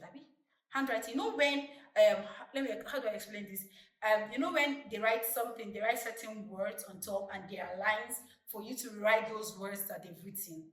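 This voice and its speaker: A young Nigerian woman in her twenties, a vlogger telling stories from her childhood in a chatty, lively way. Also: mid-range voice. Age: 20s. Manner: chatty, lively retelling with acted-out quotes. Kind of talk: casual storytelling to camera. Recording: roomy, distant mic.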